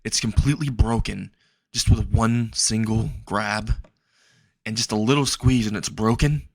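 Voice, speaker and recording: A young man narrating a dark fan fiction story in a slow, halting way. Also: no room sound, clean studio sound. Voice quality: low, gravelly voice.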